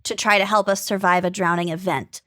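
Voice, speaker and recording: A woman's voice: mid-range voice, steady tone, a little fast, fairly bright tone, no echo, studio quality. A woman co-hosting a casual podcast, reading notes and quoting sources at length. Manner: explains at length, quotes sources, laughs easily. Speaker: podcast co-host.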